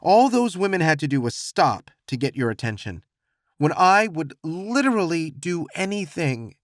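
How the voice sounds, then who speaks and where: A heartbroken young man pours out his feelings in a tight, wavering voice that climbs high, barely holding back tears, as a male narrator acts him out. The delivery is lively and pleading, recorded close and dry. It sounds like a storybook romance scene. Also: moderate pace, no echo. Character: anxious lovesick young gay man, near tears.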